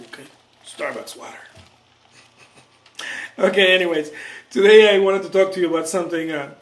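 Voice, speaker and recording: Chuckling male painter in an echoey studio. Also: fairly bright tone. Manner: loose and self-interrupting, chuckling often, many restarts and asides; talking low late at night. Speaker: painter vlogging about his work. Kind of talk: casual rambling monologue to camera. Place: art studio indoors.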